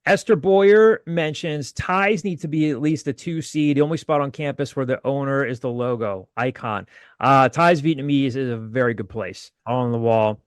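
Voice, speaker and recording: A man in the host's chair of a casual podcast, chatting and reading through listener suggestions with an easy, conversational delivery. His voice is mid-pitched and recorded close and dry, with no room sound around it. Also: normal speed, clean tone, no echo. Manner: reads listener posts aloud, chatty. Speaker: podcast host. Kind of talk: casual chat.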